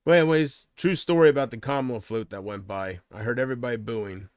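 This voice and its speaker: A man's voice: medium pitch, fast, dry recording, studio quality. A man chatting casually on a livestream from home, rambling and hesitant, often trailing off.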